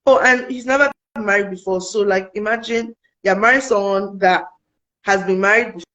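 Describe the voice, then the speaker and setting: A woman's voice: mid-range voice, normal speed, dull audio. A young woman from Africa, earnestly telling a personal story in a casual interview and acting out the conversations in it. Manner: earnest, animated, quotes people in dialogue. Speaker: guest.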